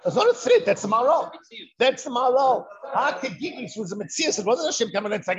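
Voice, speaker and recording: A man giving a lively Torah lecture, firing rhetorical questions and answering them himself. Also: very high-pitched, fairly quick. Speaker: Torah teacher. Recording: dull lo-fi recording.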